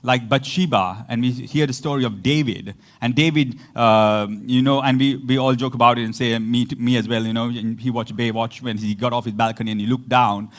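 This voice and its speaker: A man's voice: medium pitch, steady tone, fairly quick, hardly any pauses. A man preaching a casual, conversational sermon, laughing often and acting out the people he quotes. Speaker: pastor.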